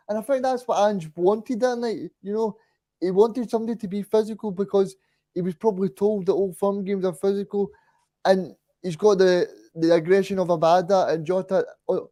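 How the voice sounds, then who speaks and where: A man with a high, mellow voice chats about football as a podcast guest. He hesitates often, restarting sentences and leaning on fillers, in a dry, close recording. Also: no room sound. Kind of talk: casual football chat.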